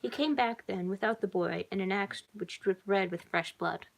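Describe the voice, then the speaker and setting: A woman reading a story aloud, stopping for quiet asides of her own. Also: medium pitch, moderate pace, vocal fry, rough recording. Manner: quiet asides between passages. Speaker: story reader.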